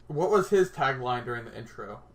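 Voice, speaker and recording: A man's voice: mid-range voice, animated, moderate pace. A man co-hosting a podcast in casual chat, thinking aloud and laughing often. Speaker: podcast co-host.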